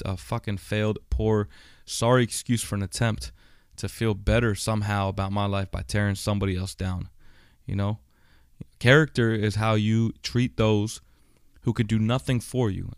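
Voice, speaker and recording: A man's voice: fairly low pitch, smooth, no room sound, studio quality. A man hosting a personal podcast monologue, talking bluntly with heavy swearing, many fillers and a recurring "right?". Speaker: podcast host. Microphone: studio microphone.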